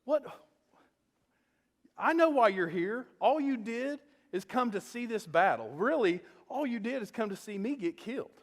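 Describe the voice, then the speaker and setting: A man's voice: very high-pitched, animated, unhurried, big-room sound, pitched above the performer's own voice, full character voice. A man voicing a jealous older brother who scolds his younger sibling in an accusing tone. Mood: scornful.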